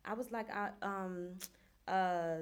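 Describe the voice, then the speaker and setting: A young woman opens up in a casual group discussion. She sounds candid and self-aware, and her voice sits at an ordinary middle pitch. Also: steady tone, slow, smooth.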